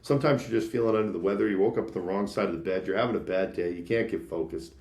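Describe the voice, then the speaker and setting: A man in his thirties from Canada, a sales leader telling stories in a casual interview, animated and acting out quoted voices. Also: on the low side, very fast, reverberant. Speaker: podcast guest, sales leader.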